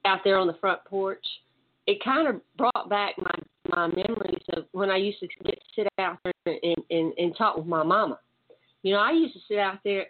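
A woman's voice: mid-range voice, slight background noise. Woman with a Southern drawl over a phone line. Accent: picked-up Southern drawl. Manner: relaxed storyteller. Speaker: guest. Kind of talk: casual chat.

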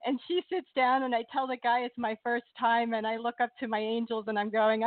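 A woman phoning in to a radio show, telling a story in a bubbly, animated way and laughing often. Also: on the high side, a little fast, no echo. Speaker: caller. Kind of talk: excited phone-in storytelling. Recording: tinny phone line.

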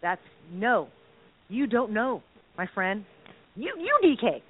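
A woman co-hosting a faith chat, bubbly and quick to burst into laughter as she acts out lines. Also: medium pitch, big pitch swings, breathy edge. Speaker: podcast co-host. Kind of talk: casual chat about faith. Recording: tinny phone-like line.

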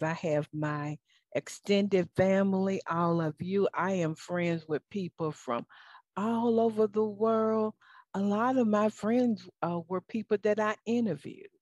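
A woman hosting her own talk show alone, speaking emotionally and warmly about faith to her listeners, with fillers and stammered restarts. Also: medium pitch, no echo, muffled recording. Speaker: talk show host and life coach. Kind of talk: solo talk show monologue.

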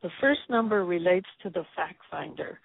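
Gravelly woman on a phone line. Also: on the low side, normal speed, no room sound. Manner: calm, explaining step by step. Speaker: guest expert. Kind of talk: explanatory interview answers. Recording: dry tinny phone line.

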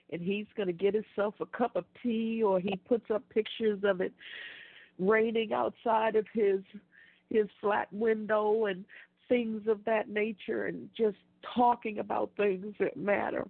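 A woman's voice: medium pitch, fairly even intonation, gravelly, dry recording. Grieving woman on a tinny line. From United States. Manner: grieving, halting. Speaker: radio show host. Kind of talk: tribute radio show. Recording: tinny phone-like line, dry.

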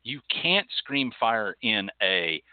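A man's voice: fairly low pitch, sing-song, slow, dry recording. Man, talk show host, from Texas, blunt, profane, preachy cadence, tinny phone-like sound. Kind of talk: impassioned call-in talk show.

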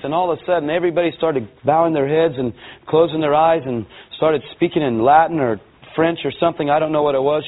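A man from Los Angeles giving a lively personal testimony to a church audience, acting out the voices in his story. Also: a little high, quick pace, a little hiss or hum. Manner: lively storyteller who acts out voices and quotes. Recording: tinny, narrow-band sound.

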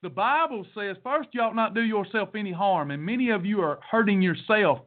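A man's voice: sits high, animated, a little fast. A man hosting a podcast, giving a blunt, folksy and fiery motivational talk that repeats itself like a sermon. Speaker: podcast host. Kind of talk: preachy motivational monologue. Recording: tinny phone-like sound.

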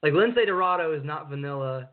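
A man's voice: a little high, a little fast, a crowd in the background. A man co-hosting a casual wrestling podcast, chatting in an easygoing way. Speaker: podcast co-host. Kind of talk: casual chat. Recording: phone-like lo-fi line.

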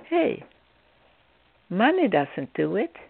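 A woman's voice: medium pitch, big pitch swings, takes it slowly, creaky, husky, dry recording. A woman spiritual healer giving an inspirational talk, telling stories theatrically and with humor. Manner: theatrical, acts out scenes with humor. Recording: tinny phone-like, dry sound.

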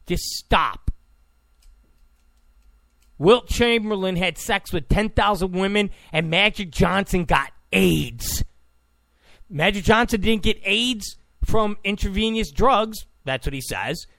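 A man's voice: sits high, animated, measured pace, gravelly, fairly bright tone, no echo. A man delivering a ranting political commentary, exasperated and mocking, repeatedly scoffing "come on.".

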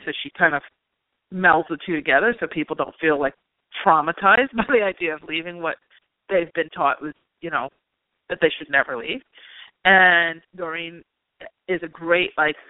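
A man's voice: sits high, dry recording. A man hosting a spiritual talk show, chatting casually and peppering his talk with "you know" and "like". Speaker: spiritual reader and show host. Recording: tinny phone-line sound, dry.

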